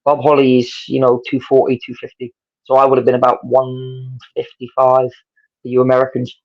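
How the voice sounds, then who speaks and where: English dude, animated storyteller acting out all the quotes, bit of a dull lo-fi podcast sound. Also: male voice, mid-range voice, brisk. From England. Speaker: wrestling promoter and guest. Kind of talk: casual storytelling interview.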